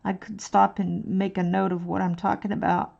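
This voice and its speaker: A woman's voice: mid-range voice, little pitch movement, moderate pace, vocal fry, a little mellow, dull audio. A woman from Texas chatting casually on stream while coloring, rambling and self-deprecating.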